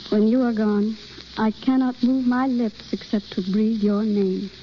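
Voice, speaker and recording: A woman's voice: a little high, steady tone, unhurried, natural voice. An actress in a 1930s radio drama playing a shy young woman taking acting lessons, earnest and a little hesitant. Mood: romantic recitation. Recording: dull old radio broadcast with faint hiss.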